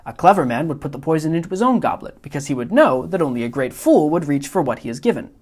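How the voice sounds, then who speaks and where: A man voicing a pompous, boastful criminal mastermind who lectures in a smug, rapid-fire way. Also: fairly high pitch, sing-song, darkish tone, pitched above the performer's own voice.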